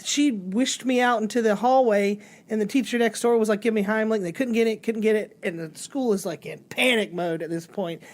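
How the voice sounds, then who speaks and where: A woman chatting casually as a comedy podcast guest, telling her own story with quick asides. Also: medium pitch.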